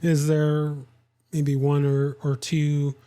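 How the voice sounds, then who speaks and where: A man hosting a podcast interview, asking questions in a low-key way with hesitations. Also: monotone, slow, warm tone, clean tone. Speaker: podcast host. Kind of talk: casual interview.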